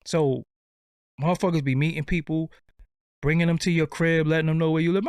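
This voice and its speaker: A streetwise man tells a rambling comic story, swearing freely in a blunt, unfiltered way. His voice sits a little high for a man, and the sound is close and dry with no room ring. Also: level tone, fairly quick, pauses often, clean tone, dry recording. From Brooklyn, New York. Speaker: show host. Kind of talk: profane comedic storytelling.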